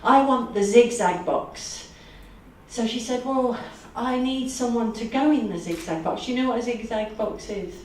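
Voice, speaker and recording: A woman's voice: on the high side, fairly even intonation, normal speed, hardly any pauses, a little mellow. A woman telling a personal story at a live event, explaining details plainly to the audience. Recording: echoey hall from far off, faint hum.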